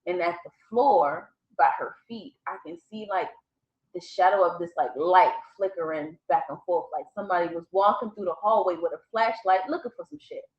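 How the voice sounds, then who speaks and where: A woman vlogger with a lowish voice casually tells a personal story to camera at normal speed. She swears freely and bursts into laughter throughout her animated retelling. The room is echoey and the sound slightly dull.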